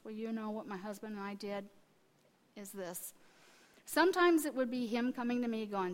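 A woman's voice: medium pitch, moderate pace, clear, resonant tone. A middle-aged woman preaching a sermon, telling stories animatedly and acting out the people in them, with frequent restarts. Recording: long reverb of a large hall.

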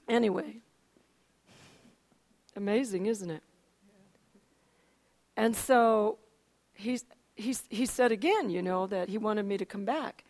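An older woman telling an emotional personal testimony, animated, with frequent restarts and a voice that climbs and drops. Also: mid-range voice. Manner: animated storyteller, voice rises and falls, frequent restarts. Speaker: speaker giving a testimony.

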